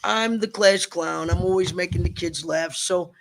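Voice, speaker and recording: A man's voice: sits high, normal speed, gravelly, noisy background. A middle-aged man, a comedian, telling jokey stories about his life in a casual studio interview. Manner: joking, animated, profane. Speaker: comedian guest. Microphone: large studio microphone.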